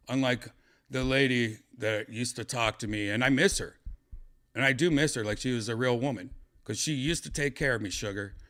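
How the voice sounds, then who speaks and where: Man, podcast host, casual chat, halting and rambling, crude, average pitch. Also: a bit bright.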